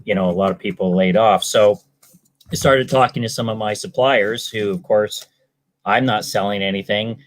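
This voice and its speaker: Speaking at a moderate pace in a lowish voice, a salesman from British Columbia, Canada, is interviewed as a guest. He drifts as he answers, restarting often and filling gaps with um.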